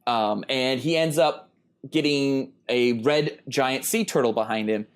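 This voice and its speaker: A man's voice: medium pitch, unhurried, clear, resonant tone. A man in his thirties co-hosting a casual podcast, telling a long story in a rambling way with lots of ums and uhs. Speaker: podcast co-host.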